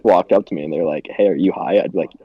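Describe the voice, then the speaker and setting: A man's voice: low-pitched, fast talker. A young man co-hosting a podcast, telling stories in casual chat, swearing a lot and often breaking into giggles. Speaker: podcast co-host. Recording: dull lo-fi sound.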